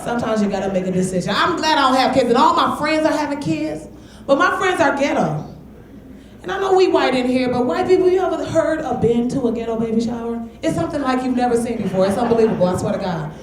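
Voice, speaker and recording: A brash woman from Michigan does stand-up, loud and baiting the audience. Her voice is high and bright. The room is echoey, and a lively club crowd is heard behind her. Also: fast. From Flint, Michigan, US. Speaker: stand-up comic. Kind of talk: stand-up comedy set.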